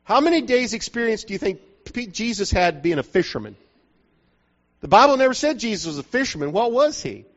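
A man's voice: high voice, very animated, a little fast, fairly bright tone. A man preaching a sermon in a conversational, joking way, often asking the listeners whether they are following, in a dull lo-fi recording from a church hall.

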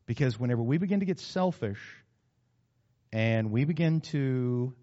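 A middle-aged man preaching a sermon as pastor, animated, acting out quotes with sudden loud bursts. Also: medium pitch, moderate pace. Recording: muffled recording in a reverberant hall.

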